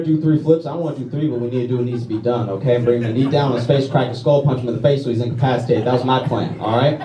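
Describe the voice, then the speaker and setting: A man's voice: medium pitch, rapid-fire, hardly any pauses. A man from Louisiana doing a stand-up comedy set, self-deprecating, tagging his lines with "all right?" and "okay?". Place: comedy club stage before a laughing audience. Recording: roomy, distant club recording with crowd.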